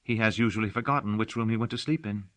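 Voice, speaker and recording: A man's voice: fairly low pitch, fast talker, fairly bright tone, dry recording, voice pushed up, close to an everyday voice. A man voicing a devoted young undergirl, earnest and doting. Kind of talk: audiobook character voice.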